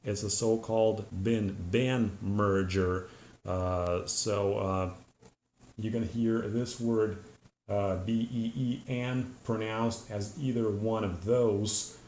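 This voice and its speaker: A man teaching English pronunciation in a patient, methodical way, pausing often with "uh" as he explains at a whiteboard. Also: on the low side, steady tone, darkish tone. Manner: patient, methodical, frequent "uh" pauses. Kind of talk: explanatory lesson to camera. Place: room with a whiteboard. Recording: echoey room, faint ambient noise.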